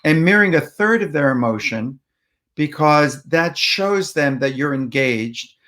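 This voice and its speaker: A man with a somewhat high voice gives a calm explanatory talk. He speaks plainly and patiently, often pausing on ums and restarting his phrases as he works through each point. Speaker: parenting communication speaker.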